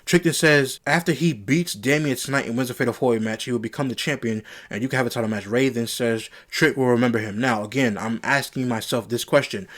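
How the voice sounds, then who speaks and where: Male solo reviewer at an ordinary pitch, worked up and exasperated, firing off repeated rhetorical questions. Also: a little fast, hardly any pauses, a bit bright. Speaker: wrestling show reviewer. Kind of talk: opinionated solo review rant.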